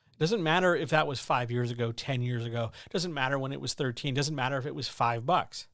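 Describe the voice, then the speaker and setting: A man's voice: medium pitch, no room sound, studio quality. A man hosting a live-stream advice show for writers, talking blunt and joking, straight to the listener. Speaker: host answering writing questions.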